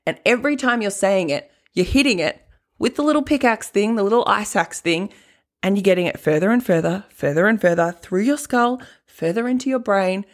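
A woman coach talking through a casual podcast monologue, chatty and quick to laugh, with plenty of "like" fillers. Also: mid-range voice, expressive.

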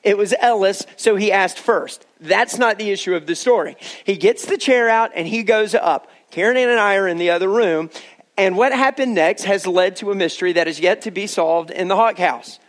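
A man's voice: high-pitched, moderate pace. A male pastor giving a sermon, telling a story in a conversational way and speaking straight to his congregation.

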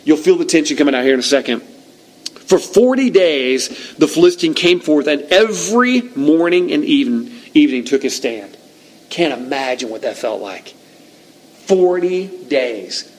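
A man in middle age preaches a sermon, slipping into animated storytelling. His voice sits a little high and swings widely as he acts out the people in his stories. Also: moderate pace. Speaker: pastor.

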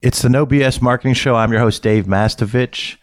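A man hosting a marketing interview podcast, explaining ideas in an energetic way. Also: medium pitch, a little fast, slight background noise. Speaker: podcast host.

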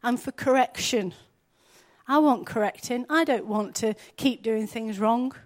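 A woman's voice: on the high side, unhurried. A woman, preaching a sermon in an earnest, conversational way, often asking her listeners questions.

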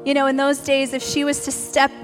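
A woman with a high voice delivers a heartfelt sermon, weaving personal stories into her message. She repeats her key lines for emphasis, and soft music plays quietly behind her. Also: completely flat delivery, fairly quick. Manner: acts out quoted voices in storytelling. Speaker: preacher and realtor.

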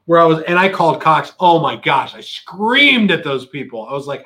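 A man hosting a casual chat show, telling stories in an animated way and acting out what people said. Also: fairly high pitch, normal speed, few pauses. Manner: animated storyteller, acts out quotes loudly. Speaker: podcast host.

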